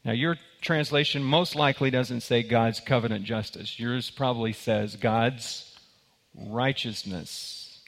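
A man's voice: mid-range voice, steady tone, unhurried, a bit bright. A man preaching a sermon, emphatic, often repeating words and restarting as he builds his point. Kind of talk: sermon with a told joke. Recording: long hall reverb.

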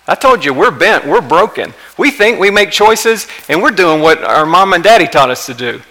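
Brief: male preacher, sermon delivery, emphatic swells and hushed drops, forceful bright tone. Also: high-pitched, very animated, moderate pace, poor audio. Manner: impassioned, rising to emphatic peaks then dropping quiet. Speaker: pastor.

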